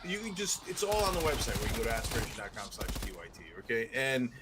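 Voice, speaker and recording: A man's voice: mid-range voice, very animated, quick pace, very noisy. Sarcastic man hosting political commentary. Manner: sarcastic, mocking impressions. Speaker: political show host.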